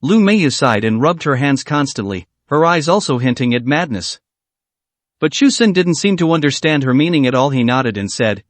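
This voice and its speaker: A man narrating a translated fantasy novel as an audiobook, in an even, steady storytelling manner. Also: medium pitch, moderate pace, dry recording.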